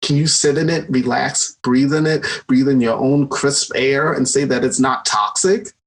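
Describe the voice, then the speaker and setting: A man's voice: medium pitch, fairly even intonation, moderate pace. A man talking as a podcast guest in a casual conversation, enthusiastic and rambling, laughing often and restarting his sentences.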